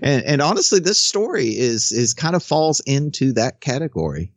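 A sarcastic man riffing casually as a podcast co-host, with a lively, bouncing pitch and frequent restarts. His voice sits mid-range and sounds dry and close. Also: no room sound. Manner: sarcastic, animated, halting restarts. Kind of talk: casual opinion chat.

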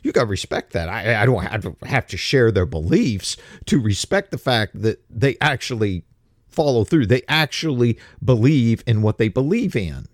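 Heated ranting man, lively pitch. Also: moderate pace, no room sound, clean studio sound. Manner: heated, emphatic, with mocking impressions of others; repetitive restarts when worked up. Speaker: commentator. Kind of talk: ranting opinion monologue.

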